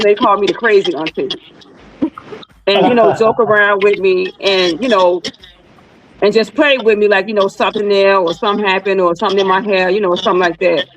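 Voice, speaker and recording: Woman aunt, halting speech, muffled low-fidelity call audio. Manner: halting, full of "you know". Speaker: guest, aunt of the deceased. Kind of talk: casual remembrance on a talk show. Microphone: video call. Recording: dull lo-fi video call audio.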